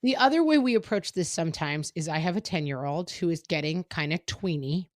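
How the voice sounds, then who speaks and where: A woman's voice: on the low side, lively intonation, brisk, no echo, clean studio sound. A middle-aged woman co-hosting a parenting podcast in casual chat, often acting out exchanges with her kids. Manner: chatty, acts out quoted exchanges with her kids. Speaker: podcast co-host.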